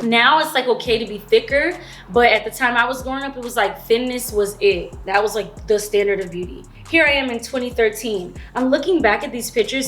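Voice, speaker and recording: A woman's voice: a little high, a bit bright. A woman in her thirties telling her own story in a candid, chatty vlog, with slangy asides to the viewer. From Florida. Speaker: vlogger.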